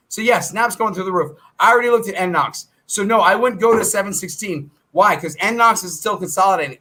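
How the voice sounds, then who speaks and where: A man hosting a casual stock trading Q&A, brash and animated, swearing freely and jumping from topic to topic. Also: sits high. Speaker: stock trading show host. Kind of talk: casual Q&A livestream.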